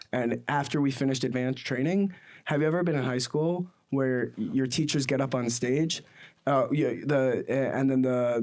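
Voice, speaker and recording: A man in his twenties from the United States, hosting a casual podcast and telling stories in a rambling, animated way full of fillers. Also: medium pitch. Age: 20s. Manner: rambling and animated, with many fillers like "you know what I mean". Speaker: podcast host.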